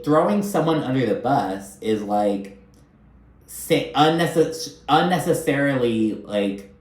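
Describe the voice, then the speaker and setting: A man with a medium-pitched voice, recorded in a roomy space, gives a casual, chatty recap of a reality show. He's animated and swears often, acting out the cast's lines as he quotes them.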